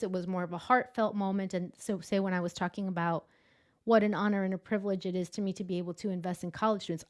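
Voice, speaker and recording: Animated woman guest on a video call. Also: medium pitch. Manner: enthusiastic, animated explainer with frequent fillers. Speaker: guest, adjunct professor of public speaking. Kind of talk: casual interview chat.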